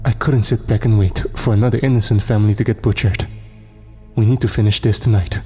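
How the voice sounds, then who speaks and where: A man voicing a solemn woman detective who speaks in a flat monotone. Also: lowish voice, a little fast, faint music behind, lightly acted. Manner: monotone, grim and matter-of-fact.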